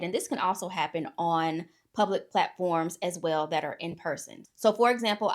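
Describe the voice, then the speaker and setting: A woman in middle age encourages her viewers in a warm, churchy vlog style. She drops into soft storytelling, then rises into loud, high-pitched exhortation, checking in with "okay?" as she goes. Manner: preachy and emphatic, addresses viewers as y'all, frequent "okay?" check-ins. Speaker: YouTube creator giving faith-based encouragement. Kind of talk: casual motivational talk to camera.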